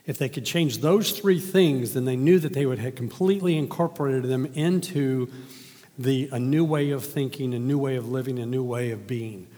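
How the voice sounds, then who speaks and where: Speaking at a moderate pace in a dark, mid-range voice, this man delivers a conversational sermon with a long reverb tail trailing his words. He poses questions to the congregation before turning to a scripture reading.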